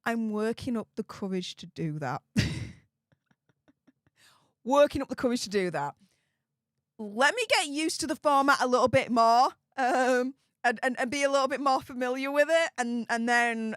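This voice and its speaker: A woman's voice: fairly high pitch, normal speed, a bit bright, clear, resonant tone, no room sound, studio quality. Chatty, blunt woman streamer. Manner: chatty and blunt, laughs often, many fillers. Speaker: live stream host reading chat. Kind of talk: casual live stream chat.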